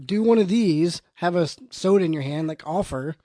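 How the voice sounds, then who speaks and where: A man in casual podcast banter, tossing in quick jokes. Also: high voice, animated, warm tone, no room sound, clean studio sound. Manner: joking interjections.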